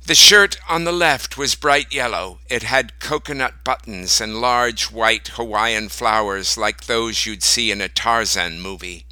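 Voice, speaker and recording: Male narrator reading a story, slow and deliberate, sharp bright tone, dry close sound. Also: fairly low pitch, dry recording, low-quality recording. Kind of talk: reading a short story aloud.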